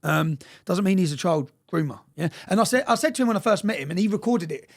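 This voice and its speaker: Fast-talking blunt man. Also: high-pitched. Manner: rapid, blunt, swearing, tags "yeah?". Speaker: interviewee. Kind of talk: casual storytelling.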